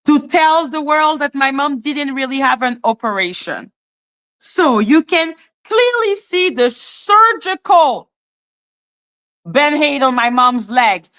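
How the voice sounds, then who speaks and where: A woman on her own livestream, ranting in a heated, rambling way and leaning on "like" as filler. Her voice sits a bit high and comes across bright and forceful. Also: lively intonation, slow. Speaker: livestream host. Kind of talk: casual livestream rant.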